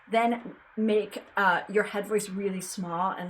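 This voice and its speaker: A woman's voice: medium pitch, steady tone, a little slow, poor audio. A woman teaching a casual singing lesson, chatty, breaking off to demonstrate sung notes.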